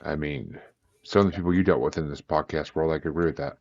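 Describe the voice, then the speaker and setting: A man's voice: very deep voice, fast talker, vocal fry, muffled recording, background noise. A man hosting a casual podcast chat, rambling and swearing as he jokes around. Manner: rambling and profane, joking around. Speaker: podcast host.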